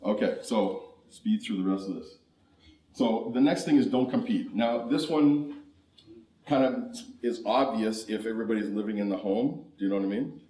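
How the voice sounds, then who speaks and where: A man from Canada runs a conference workshop, playful and quick to laugh as he quizzes the audience. His voice sits low. The recording is roomy and distant, as if caught from across a hall. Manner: animated, laughing, asks the audience questions. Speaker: conference speaker. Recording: roomy hall, mic far off.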